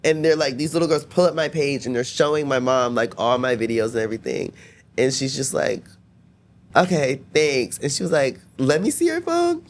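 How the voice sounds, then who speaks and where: A man's voice: medium pitch, moderate pace. A young man telling stories as a podcast guest, chatty, filling his talk with "like" and acting out what people said. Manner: chatty, constantly says "like", acts out quotes. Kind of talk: casual storytelling.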